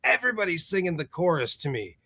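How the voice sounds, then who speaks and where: A man on a podcast as a musician guest, telling a story in a loose, animated way, laughing often and swearing freely. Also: a little high, quick pace. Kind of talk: casual storytelling chat. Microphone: remote call setup.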